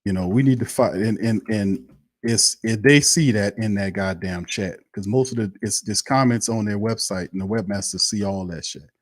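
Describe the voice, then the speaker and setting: A man's voice: on the low side, moderate pace, no echo, clean studio sound. A man hosting a live sports stream, ranting bluntly and profanely, repeating himself in heated bursts. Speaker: sports show host.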